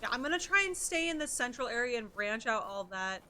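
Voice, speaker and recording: A woman's voice: on the high side, very animated, brisk, pushed and bright, a little hiss or hum. A woman streamer chatting playfully with her viewers while playing a game and answering their messages. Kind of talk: casual chat while playing.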